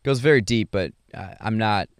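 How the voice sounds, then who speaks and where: Smooth-voiced man rambling casually. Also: fairly low pitch, no echo, clean studio sound. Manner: halting, many fillers and restarts, chuckles often. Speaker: speaker sharing his dating life.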